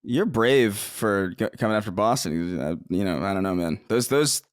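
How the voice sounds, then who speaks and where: A man's voice: lowish voice, animated, normal speed, no echo, studio quality. A man joking around and telling stories with exaggeration in a casual podcast chat.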